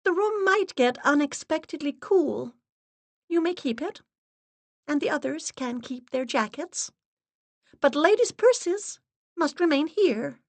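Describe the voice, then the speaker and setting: A woman voicing a solemn, stern medium's assistant who intones rules in a formal, steady monotone. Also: high-pitched, measured pace, pauses often, dry recording, pitched above the performer's own voice. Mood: stern commanding.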